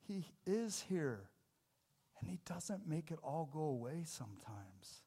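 Emphatic man preaching with sudden loud bursts. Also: fairly high pitch, very animated, takes it slowly, slightly rough. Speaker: pastor. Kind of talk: sermon. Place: church sanctuary.

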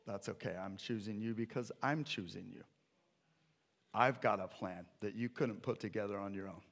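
A man voicing God in a sermon retelling, speaking in a calm, reassuring and firm way. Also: fairly low pitch, normal speed, gravelly. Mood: gentle. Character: God, patient and commanding.

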